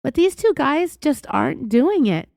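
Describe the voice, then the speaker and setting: A woman with a California accent hosting a true crime podcast, raspy from being sick, telling the story in an indignant, sarcastic way. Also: high-pitched, sing-song, unhurried, darkish tone, no echo, clean studio sound. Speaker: podcast host.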